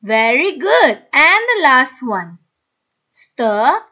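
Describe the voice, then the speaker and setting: Slow, sing-song woman phonics teacher. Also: high voice, big pitch swings, fairly bright tone. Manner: slow, sounds out letters, repeats words, praises students. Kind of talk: children's phonics lesson. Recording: dull lo-fi recording.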